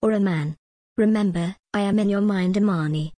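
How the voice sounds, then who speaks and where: A woman voicing a calm, commanding jinn spirit in an audiobook, measured and formal. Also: medium pitch, dry recording, studio quality, natural voice.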